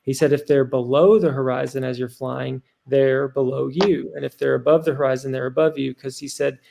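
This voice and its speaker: A man's voice: mid-range voice, flat delivery, fairly quick, vocal fry, warm tone. A man in his thirties, a guest on a talk stream, telling earnest, rambling anecdotes with lots of fillers. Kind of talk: casual storytelling on a talk stream.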